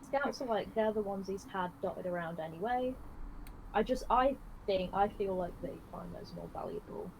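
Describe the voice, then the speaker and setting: A woman, telling a rambling, deadpan comic story on a live game stream, full of fillers. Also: medium pitch, normal speed, slight background noise, rough recording.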